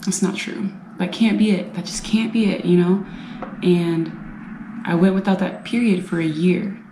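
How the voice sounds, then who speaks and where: A woman from the United States telling her own survivor story in an earnest, halting way, repeating phrases for emphasis. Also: on the low side, mellow, slight background noise. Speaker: brain injury survivor and veteran speaker. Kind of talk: personal storytelling talk. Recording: roomy echo.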